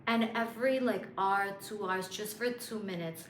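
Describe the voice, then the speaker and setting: A woman's voice: mid-range voice, moderate pace, reverberant, a little hiss or hum. A woman coaching viewers on manifestation in a chatty, playful way, with lots of fillers and self-amused asides. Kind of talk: casual spiritual coaching monologue.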